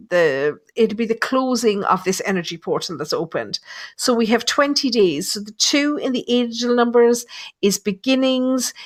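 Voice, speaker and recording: A middle-aged woman hosting a live online show, chatty and laughing often. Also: medium pitch. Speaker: host, medium.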